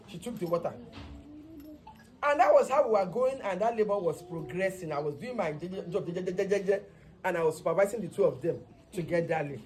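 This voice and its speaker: A woman nurse with a Nigerian accent telling a comic story about her work, in an animated way and mixing in Yoruba words. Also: medium pitch, brisk.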